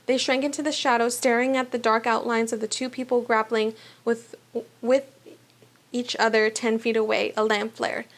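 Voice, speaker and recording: A woman reading a children's novel aloud for a youth book club, with small slips and restarts, then asking trivia questions. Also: on the high side.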